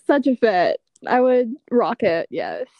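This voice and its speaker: A woman's voice: a little high, wildly swooping pitch, slow pace, gravelly, no echo, highs cut off. Shy young woman guest, short replies. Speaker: podcast guest, dancer. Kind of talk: casual chat.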